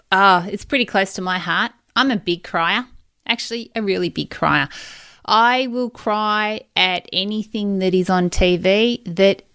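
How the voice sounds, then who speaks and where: A woman in her forties talks through her own stories on a podcast, open and emotional, circling back as she goes. Her voice is smooth and clear, her pace unhurried. The recording is dry and close, with no room sound around her. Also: medium pitch, a bit bright, no echo. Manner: candid, emotional, rambling storytelling. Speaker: podcast host. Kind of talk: personal podcast monologue.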